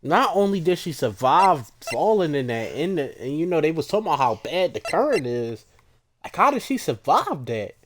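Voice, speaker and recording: Slangy, excitable man playing a game. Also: fairly high pitch, normal speed, a little hiss or hum. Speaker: gaming streamer. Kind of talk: casual let's-play commentary.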